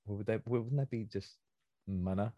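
A man's voice: on the low side, normal speed, dark tone, dry recording. A man hosting a podcast in casual chat, telling a story animatedly and acting out quotes. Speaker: podcast host.

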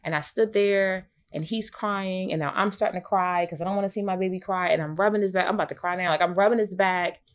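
A woman in her thirties co-hosting a casual podcast, telling a personal story expressively with big swings in pitch. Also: steady tone, quick pace, hardly any pauses. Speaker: podcast co-host.

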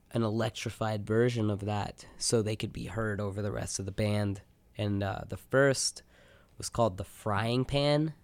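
A man's voice: lowish voice, clean tone, no room sound. A young man co-hosting a college radio show, rambling casually with lots of "like" and "you know". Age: young adult. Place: radio studio. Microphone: studio microphone.

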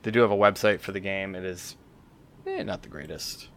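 Smooth-voiced man rambling casually. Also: low voice, brisk, fairly bright tone. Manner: rambling, self-correcting, frequent fillers. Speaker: podcast co-host. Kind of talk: casual chat.

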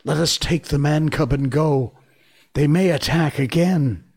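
A man's voice: on the high side, a little slow, darkish tone, husky, pitched above the performer's own voice. A man voicing a proud, wounded male panther who speaks in urgent gasps, in a storybook reading. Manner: gasping, urgent.

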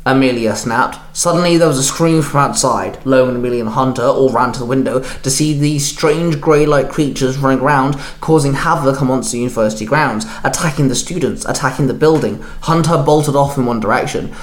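A man's voice: medium pitch, fairly quick, hardly any pauses. A man reading his fan fiction story aloud as narrator. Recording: echoey room.

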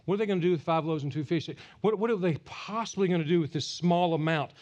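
A pastor delivering a sermon at a church service, animated and teasing the congregation. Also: male voice, a little high, fast talker, muffled recording.

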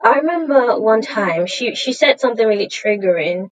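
A woman hosting a podcast, telling stories in an animated, chatty way with plenty of fillers. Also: on the high side, moderate pace, no echo. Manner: animated, chatty storytelling with many fillers and laughs. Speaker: podcast host. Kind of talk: casual chat. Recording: dull, dry lo-fi audio.

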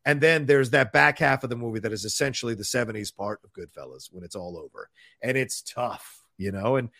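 Gravelly, lively-voiced man co-hosting. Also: medium pitch, brisk, no room sound, studio quality. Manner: rambling, reads viewer comments aloud. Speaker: podcast co-host. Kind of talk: casual live film chat.

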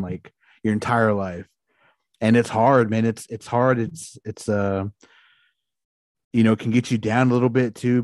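A man talking in a relaxed, casual way, full of "you know" and "like" fillers. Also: lowish voice, dry recording, clean studio sound. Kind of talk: casual conversation.

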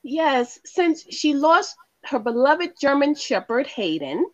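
A woman's voice: high voice, very animated, slow pace, lo-fi sound. A woman co-hosting a podcast, chiming in with affirmations and reading out feel-good news stories. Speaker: podcast co-host. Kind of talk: casual chat and story reading.

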